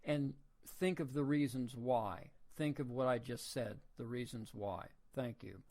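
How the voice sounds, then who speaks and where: A podcast host giving a casual opinion monologue, talking in a folksy way full of rhetorical questions and frequent restarts. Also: male voice, mid-range voice, fairly even intonation, unhurried, darkish tone.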